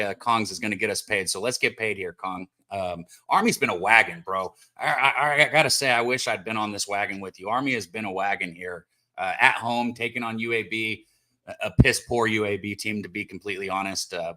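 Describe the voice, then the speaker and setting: Guy hosting a betting stream, bright forceful voice, hyped up, lots of shout-outs. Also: fairly low pitch, fairly quick. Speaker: host of a betting show. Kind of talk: casual live-stream sports talk.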